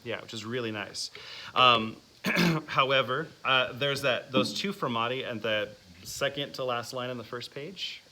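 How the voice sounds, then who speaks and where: Bright-voiced male music teacher. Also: medium pitch, a little slow. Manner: encouraging, asks the class questions, counts out exercises. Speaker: music teacher leading a masterclass. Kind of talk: classroom instruction.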